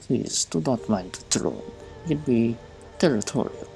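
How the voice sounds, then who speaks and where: A man voicing a pleasant, cultured man in a trench coat, speaking with a put-on Russian accent in a courteous, unhurried way. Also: mid-range voice, animated, creaky, mellow, soft background music, low-quality recording.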